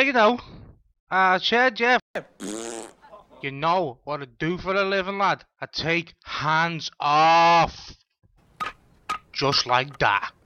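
A man dubs a cocky, foul-mouthed young golfer, his voice bright and forward. It comes through a dry, dull lo-fi recording, like a home comedy dub. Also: sits high, clean tone, no room sound, heavily acted. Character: brash swearing young male golfer.

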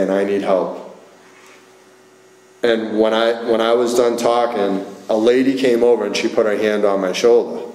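A man's voice: fairly low pitch, darkish tone. A man from Massachusetts, telling his personal recovery story to a meeting, with lots of fillers and quoted dialogue. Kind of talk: personal recovery talk to an audience. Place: meeting hall. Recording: echoey room.

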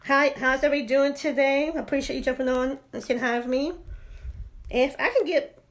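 A woman's voice: high-pitched, brisk. A woman chatting playfully on a live stream while selling jewelry. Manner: playful, sing-song, chatty and rambling. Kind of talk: casual live-stream chat.

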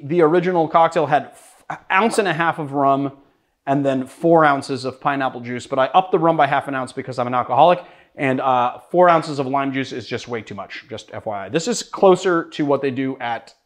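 A man's voice: mid-range voice, expressive, moderate pace. A young man from Boston hosting a casual cocktail tutorial, chatty and joking about himself as he works. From Boston, USA. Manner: chatty, joking, self-deprecating. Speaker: cocktail show host.

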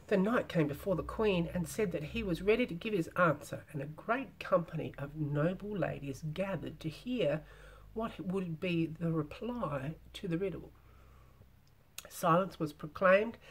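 A woman softly reading an old storybook aloud in a whispered role-play, with gentle whispered asides. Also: deep voice, lively intonation, unhurried, husky. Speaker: storybook reader.

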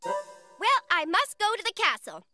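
A woman's voice: very high-pitched, wildly swooping pitch, a little slow, sharp tone, heavily acted. A woman voicing a perky, sing-song young girl character in a children's cartoon. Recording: music playing under voice.

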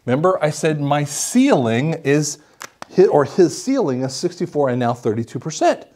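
A male audiologist explaining a patient case as a lively story, acting out what the patient said. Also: a little high, moderate pace. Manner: animated storytelling, acts out the patient's lines.

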